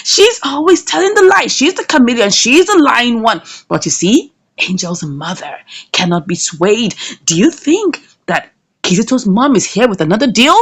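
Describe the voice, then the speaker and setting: A woman giving a lively recap of a drama episode, asking her viewers questions as she tells it. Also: on the high side, normal speed, husky. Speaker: drama series reviewer.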